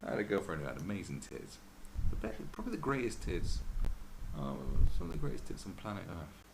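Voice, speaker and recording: Deep gravelly man ranting. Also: wildly swooping pitch, brisk. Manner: profane, ranting, mimics voices. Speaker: podcast host. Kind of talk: casual ranting chat. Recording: noisy background.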